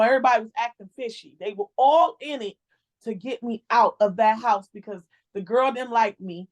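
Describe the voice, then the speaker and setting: A woman guest on a podcast, telling a personal story in a candid, expressive, casual way. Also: a little high.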